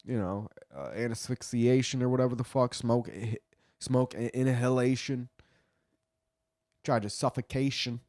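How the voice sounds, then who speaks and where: A man's voice: mid-range voice, steady tone, measured pace, a little mellow, no echo, clean studio sound. A man retelling a story in casual commentary, swearing a lot and rambling with frequent restarts.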